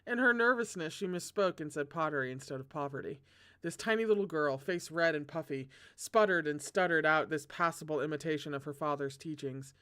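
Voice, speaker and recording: A host reading a novel aloud, breaking off into chatty, excitable commentary with self-deprecating humor. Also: brisk, smooth. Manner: dramatic, excitable asides with big pitch jumps. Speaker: read-along host.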